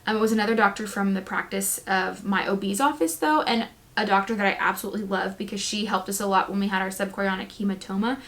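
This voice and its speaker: A young woman talks straight to camera in a relaxed, chatty vlog voice. She tells a personal story with plenty of energy and acts out her own past words. Her pitch sits mid-range for a woman. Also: fast talker, few pauses. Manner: chatty, animated, quotes herself often. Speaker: vlogger, new mom.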